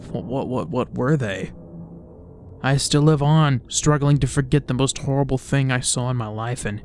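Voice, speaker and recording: A man's voice: mid-range voice, darkish tone, slight background noise. Exasperated, stammering man reading creepypasta. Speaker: creepypasta reviewer. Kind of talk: comedic reading with commentary.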